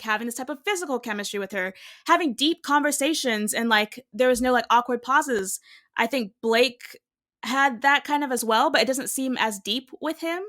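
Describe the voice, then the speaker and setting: A woman's voice: high voice, sharp tone. A woman co-hosting a podcast in casual chat, talkative and musing aloud with long questions. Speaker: podcast co-host.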